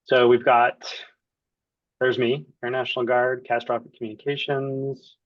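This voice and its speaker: A man acting as the client, casually walking through a software demo and thinking aloud as he clicks around. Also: medium pitch, flat delivery, moderate pace, no room sound, lo-fi sound.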